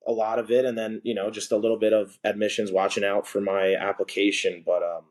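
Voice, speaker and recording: A man's voice: on the low side, flat delivery, fairly quick, darkish tone. A young man telling a story as a podcast guest, rambling and filling his talk with "like". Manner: rambling, heavy on filler "like". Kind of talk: casual storytelling.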